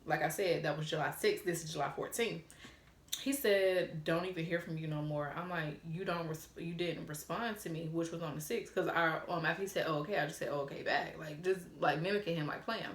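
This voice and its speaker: A young woman vlogger tells a story casually and bluntly, swearing freely and imitating the texts she received. She speaks in a low voice at a brisk pace, and the recording has a roomy echo.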